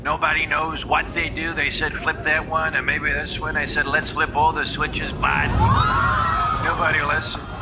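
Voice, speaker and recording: A self-pitying, bragging politician playing pilot, as a man puts him on, rambles through a comedic ad in a slightly raised voice. Aircraft and engine noise runs clearly under him. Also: a little high, level tone, moderate pace, natural voice. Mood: boastful. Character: boastful male politician pretending to be an airline pilot.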